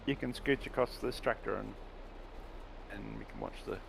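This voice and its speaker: A man's voice: fairly low pitch, steady tone, moderate pace, creaky, background noise. A man chatting casually as a co-player in a game, joking and laughing along. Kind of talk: casual gameplay chat.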